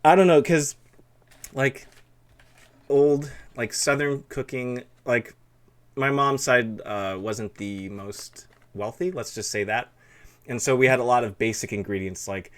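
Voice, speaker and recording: A man's voice: mid-range voice, unhurried, a bit bright. Chatty rambling man streamer. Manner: rambling, chatty, reads chat aloud. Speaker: streamer host. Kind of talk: casual chat on a live stream.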